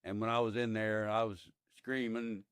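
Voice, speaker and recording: Deep-voiced guy in his 50s, plainspoken, rambles with lots of "you know", dry room sound. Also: little pitch movement, normal speed, fairly bright tone, clean tone, dry recording. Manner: plain-spoken, rambling, many fillers. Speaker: podcast guest. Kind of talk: casual interview storytelling.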